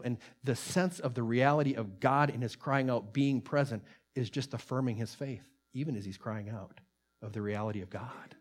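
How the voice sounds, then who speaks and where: A man preaches in an earnest, plain-spoken way, his voice sitting at a middle pitch. He reads quoted lines aloud with more force and fills his own commentary with ums and restarts. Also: a little mellow. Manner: earnest, rising in volume on quotes, many fillers. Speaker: pastor. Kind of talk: sermon with read-aloud transcript.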